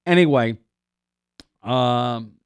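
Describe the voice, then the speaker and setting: A middle-aged man hosting a call-in radio show, rambling from point to point with plenty of "uh"s and restarts. His voice is smooth and resonant, close on a studio microphone with a dry, dead sound. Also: mid-range voice, extremely slow, dry recording. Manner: rambling, filler-heavy, restarts often; coughs and clears throat now and then. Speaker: radio host.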